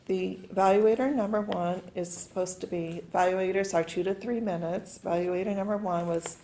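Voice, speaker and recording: A woman's voice: mid-range voice, warm tone, a little hiss or hum. A woman giving the timer's report at a club meeting, reading out times and chuckling between items.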